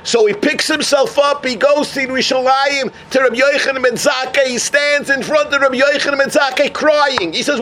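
Bright high-voiced rabbi telling stories. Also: male voice, moderate pace, few pauses. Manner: lively storyteller mixing Yiddish and Hebrew terms. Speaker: rabbi teaching Torah. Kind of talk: animated Torah class storytelling.

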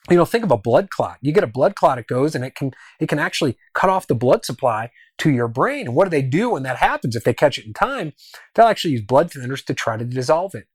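A podcast host giving a motivational self-help talk, speaking emphatically and building points through repeated lists. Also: mid-range voice.

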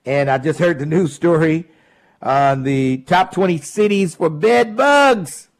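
A man's voice: a little high, takes it slowly, faint music behind. A man hosting a call-in talk radio show, laughing and mocking callers. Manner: animated, laughs often, mocks callers.

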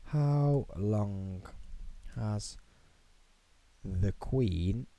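A man hosting a podcast alone in his studio, talking excitedly and rambling. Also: lowish voice, extremely slow. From United Kingdom. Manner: excitable, rambling, self-mocking. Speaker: podcast host. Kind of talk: solo podcast monologue.

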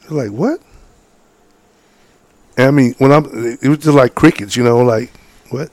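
A man with a drawl spins folksy outdoor stories, slipping into the voices of the people he's talking about. His voice sits at a middle pitch and is recorded close and dry, with no room sound around it. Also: brisk, dry recording. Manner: folksy, animated storyteller acting out voices. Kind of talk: casual storytelling chat.

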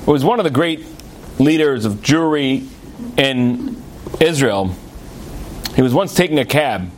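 A man teaching a Torah lesson as a rabbi, telling stories in an animated way and acting out the characters. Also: mid-range voice, a little slow, a little hiss or hum. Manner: animated storyteller, acts out the characters.

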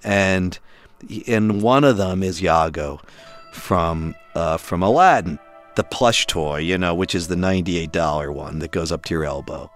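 Deep-voiced man telling a family story. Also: a little slow, faint music behind. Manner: emphatic, acts out what others said. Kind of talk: animated personal storytelling.

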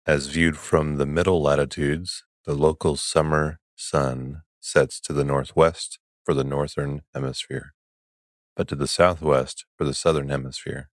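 A man hosting a sleep podcast, reading an article slowly in a soft, calm, soothing voice. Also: dry recording, studio quality. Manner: soft, slow and calm, drifting lower and quieter. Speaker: podcast host.

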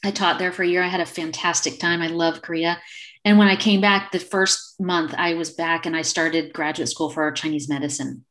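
A woman in her fifties, a podcast guest telling a personal story in a casual, animated way over a remote call. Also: fairly low pitch, normal speed. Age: 50s. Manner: animated, acts out quoted dialogue.

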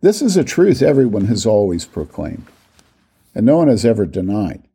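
A man reading aloud a critique of a theology book, slowly reading out long quotations and marking each quote. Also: on the low side, very animated, vocal fry, dark tone, husky. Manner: reads quotations slowly and deliberately, voicing each quote mark.

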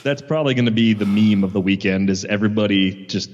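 Young male podcast guest, wry and halting, lower voice, dull sound with long reverb. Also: a little mellow. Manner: halting, repeats words, wry. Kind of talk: casual chat. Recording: dull echoey room.

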